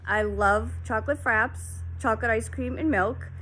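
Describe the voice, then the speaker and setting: Plainspoken Boston woman, higher register, proud casual read. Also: moderate pace, fairly bright tone, slight background noise. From Medford, Massachusetts.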